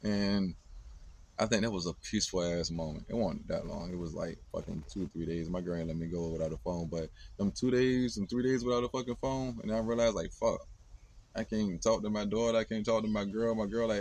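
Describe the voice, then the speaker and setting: A man's voice: on the low side, little pitch movement, fast, a little mellow. A man in his thirties, hosting a podcast, talking casually and rambling bluntly with plenty of swearing. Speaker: podcast host. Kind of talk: casual monologue.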